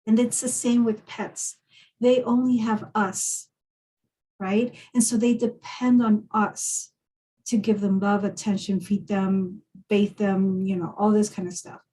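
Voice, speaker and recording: A woman's voice: medium pitch, flat delivery, a little slow, mellow, low-quality recording. A woman, a guest on a video call, talking reflectively through a personal story with frequent restarts. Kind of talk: casual conversation.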